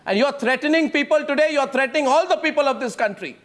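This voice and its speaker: Combative high-voiced Indian news anchor. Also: male voice, fast, fairly bright tone. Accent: Indian English. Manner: combative, talks over guests, repeats phrases mockingly. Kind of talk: heated televised debate.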